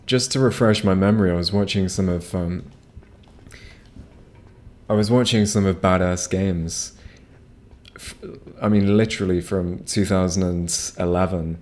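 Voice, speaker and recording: With a lowish, slightly mellow voice, a man offers casual commentary while streaming a game at home. He wanders from point to point, swears a lot, and frequently starts over.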